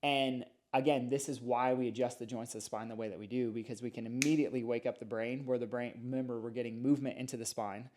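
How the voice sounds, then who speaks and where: Animated middle-aged man telling stories. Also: mid-range voice, fast talker, hardly any pauses, noisy background. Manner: animated storytelling, lively explanations. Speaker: chiropractor guest. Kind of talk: casual podcast interview.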